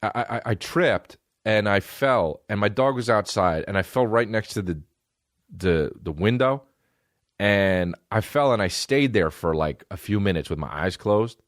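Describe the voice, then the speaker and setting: A man's voice: fairly low pitch, unhurried, no room sound, clean studio sound. A man hosting a podcast, telling rambling, profane childhood stories in a casual comedic monologue. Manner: rambling, profane, animated storytelling. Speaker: podcast host.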